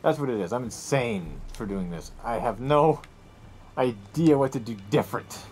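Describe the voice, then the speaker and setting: A young man narrates his own gameplay in a loose, running commentary, swinging his pitch up and down as he reacts. He mutters to himself, then bursts into loud complaints at the screen. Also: moderate pace, slight background noise. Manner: excitable, talks to himself and yells at the game. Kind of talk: casual let's-play commentary.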